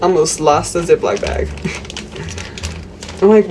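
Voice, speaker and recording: A woman's voice: on the low side, steady tone, takes it slowly, a little mellow, rough recording. Woman rambling thru a cooking vlog in her kitchen, cusses a lot, drops spanish slang, faint hiss. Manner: crude, rambling, mixes Spanish slang into English. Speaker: cooking vlogger. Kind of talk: casual chatty cooking vlog. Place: home kitchen.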